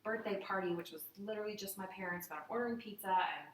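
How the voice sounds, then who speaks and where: A woman in her thirties telling an emotional personal story in a candid, animated way, often acting out what people said. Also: medium pitch, quick pace, slight background noise. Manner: candid, heartfelt, animated retelling with acted-out quotes. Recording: echoey room, voice from a distance.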